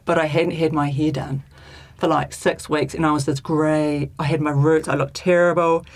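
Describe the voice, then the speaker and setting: A woman guest on a podcast telling a long story in casual chat, animated and acting out her own past lines. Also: low-pitched, normal speed.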